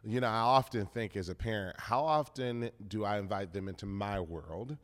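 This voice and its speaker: A middle-aged man leads a church video talk as pastor, his lowish voice upbeat and expressive. The room around him rings with a long reverb. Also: moderate pace. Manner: upbeat, expressive, varied delivery.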